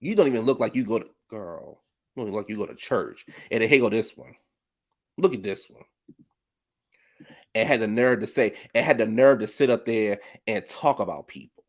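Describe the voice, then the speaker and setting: A man's voice: lowish voice, fast talker. A man giving a sassy reality TV reunion recap, flamboyant, shady and theatrical. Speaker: reality TV commentator.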